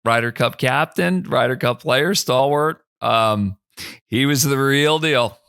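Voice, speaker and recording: A man's voice: mid-range voice, takes it slowly, vocal fry, smooth, no room sound, clean studio sound. A middle-aged man, a podcast guest, telling a story casually and acting out the people in it. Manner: animated, acts out dialogue in the anecdote.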